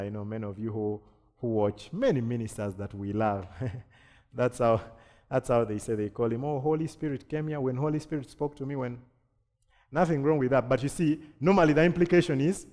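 A male pastor from Kenya delivering a lively sermon, acting out quoted voices and joking with his congregation. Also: mid-range voice. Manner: animated preaching with jokes and acted-out quotes. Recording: long hall reverb.

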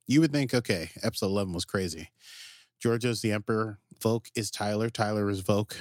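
A man co-hosting a podcast, recapping episodes in casual, animated chat. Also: lowish voice, brisk, no echo, clean studio sound. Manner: animated, jumps into quoted character voices. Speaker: podcast co-host.

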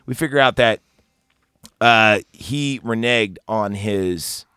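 A man's voice: fairly low pitch, takes it slowly, bright, forceful tone, smooth, dry recording, clean studio sound. A man hosting a casual podcast about a film, rambling, swearing often and laughing easily. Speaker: podcast host.

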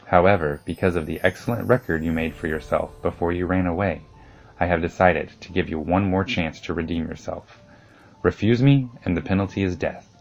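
Man playing a harsh old king, deep and bossy, loud. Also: vocal fry. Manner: stern, loud and commanding.

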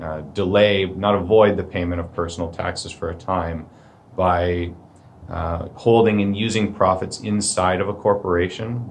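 Canadian man, lawyer type, very low-pitched, casual explainer tone, slight background noise. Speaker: corporate lawyer. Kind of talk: explanatory podcast conversation.

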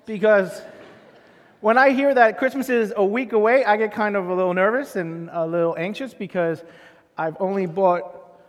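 A man preaching a sermon as pastor, telling stories and acting out the dialogue in them. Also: sits high. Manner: animated storytelling, acts out dialogue. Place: church auditorium. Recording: long hall reverb.

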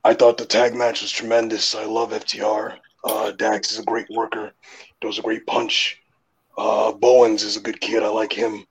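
A man doing a rough comic impression of a gruff, grudge-holding retired male wrestler, rambling and halting with many fillers. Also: fairly low pitch, flat delivery, lightly acted.

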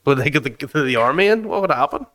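A man's voice: a little high, big pitch swings, fairly bright tone. A man co-hosting a casual chat, jokey, riffing with asides and questions. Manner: jokey, riffs with quick impressions.

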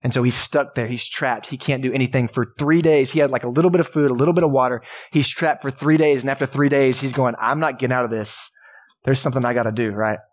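A man's voice: mid-range voice, fairly even intonation, fast. A man as pastor giving a sermon in a church, talking in a casual, conversational way and asking the congregation questions.

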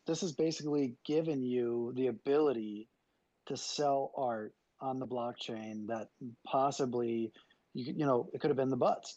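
A man's voice: medium pitch, mellow, no room sound. A man hosting a podcast, asking enthusiastic, admiring questions in casual talk. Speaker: podcast host. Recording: dull, dry lo-fi sound.

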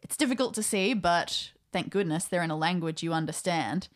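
A woman's voice: lowish voice, moderate pace. A woman running a tabletop role-playing game as game master, describing scenes in an amused way and laughing often.

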